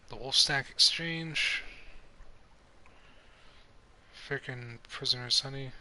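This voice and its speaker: Bright-voiced man playing through a game. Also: mid-range voice, normal speed, hardly any pauses, slight background noise, rough recording. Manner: reads on-screen text aloud between casual asides. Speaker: gameplay commentator. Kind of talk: casual let's-play commentary.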